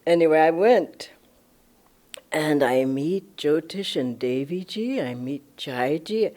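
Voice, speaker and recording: An older woman tells a personal story at a spiritual gathering. Her pitch rises and falls with animation as she reenacts her own surprise. She talks with bubbling enthusiasm and laughs often. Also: animated, slow pace, warm tone. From Los Angeles, USA. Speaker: spiritual director giving a satsang talk.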